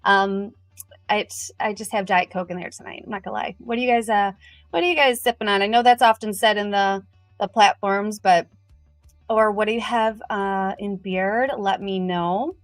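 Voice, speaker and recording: A middle-aged woman hosting a casual livestream, upbeat and a little nervous, greeting viewers one by one in quick, chatty bursts. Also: mid-range voice, dry recording, faint music behind. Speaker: livestream host.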